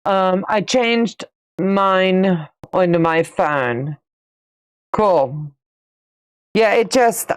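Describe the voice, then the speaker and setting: Middle-aged woman, folksy livestream host, lowish voice, unhurried delivery. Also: smooth. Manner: chatty, folksy, reads out and answers viewer comments. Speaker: quilting channel host. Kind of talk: casual livestream chat.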